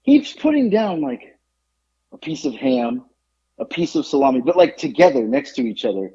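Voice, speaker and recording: A man's voice: mid-range voice, moderate pace, husky, dull audio. A man co-hosting a podcast, telling a story in casual chat and acting out the people in it. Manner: animated, acts out quoted exchanges. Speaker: podcast co-host.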